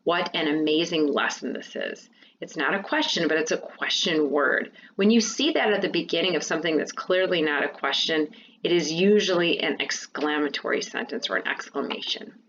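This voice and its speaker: A woman teacher giving a remote lesson to fifth and sixth graders, explaining patiently and clearly. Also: low voice, animated, moderate pace, a bit bright, muffled recording, a little hiss or hum.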